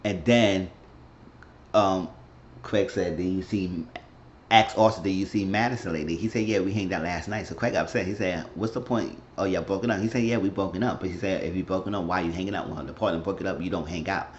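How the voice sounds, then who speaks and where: A man's voice: low-pitched, fairly quick, highs cut off, slight background noise. A man casually recapping a reality show episode for his channel, rambling along and retelling scenes in quoted voices. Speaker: YouTube recap host.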